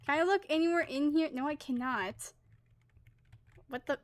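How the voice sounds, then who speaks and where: A woman's voice: high-pitched, normal speed, background noise. A woman streaming a game live, chatty and self-interrupting as she reads the game text aloud. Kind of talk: live game playthrough commentary. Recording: game music under the voice. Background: game music.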